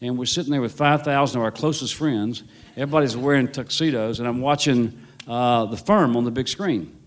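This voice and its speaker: Speaking fairly quickly in a medium pitch, a guest novelist spins a wry, meandering story. He keeps restarting and self-correcting as he goes.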